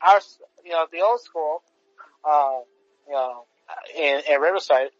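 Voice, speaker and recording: A man, on the higher side for a man, breaks in with halting, filler-heavy remarks. His voice comes across muffled and a little off-mic. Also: dry recording, faint music behind. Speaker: podcast co-host. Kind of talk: casual chat.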